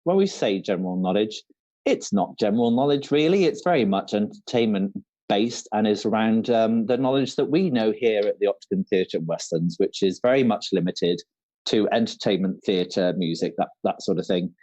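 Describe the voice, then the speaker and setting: A man's voice: lowish voice, moderate pace, dark tone. Chatty man, dull lo-fi sound. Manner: chatty, teasing, laughs readily. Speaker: venue manager and quiz co-host. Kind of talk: casual quiz co-hosting.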